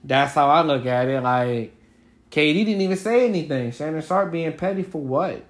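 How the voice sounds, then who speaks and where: A podcast co-host talks basketball in rambling, casual sports chat, full of fillers and restarts. His voice is fairly high and animated, at a moderate pace.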